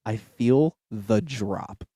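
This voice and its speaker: A man's voice: on the low side, drawn-out words, dark tone, husky, no room sound. Young guy podcast host rambling thru a story, swears a lot, super dry close mic. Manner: loose, profane storytelling with many fillers. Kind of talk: casual storytelling chat. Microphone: studio podcast mic.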